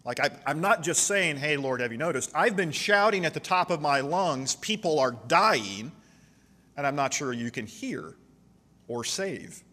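A man preaching a sermon in a church, reading scripture aloud with passionate, slowed emphasis. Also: on the high side, expressive, sharp tone, in a large hall. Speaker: pastor.

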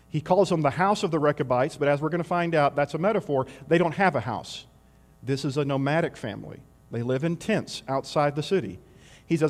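A man's voice: fairly high pitch, lively intonation, brisk, in a large hall. A man preaching a sermon in a conversational way, asking rhetorical questions and adding wry asides.

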